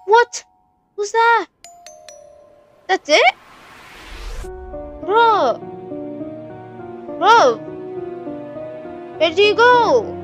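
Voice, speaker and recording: A woman's voice: very high-pitched, big pitch swings, extremely slow, long pauses, fairly bright tone, highs cut off, soft background music. A woman narrating her own horror game playthrough, panicky and swearing, talking straight to her viewers. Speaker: gaming channel host.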